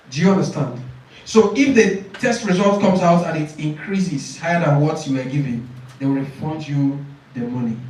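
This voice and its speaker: A man's voice: fairly high pitch, darkish tone. Echoey, distant male IELTS coach. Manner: repeats phrases, asks "Do you understand?". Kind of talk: teaching a class, modelling exam answers. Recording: very echoey room, speaker far from mic.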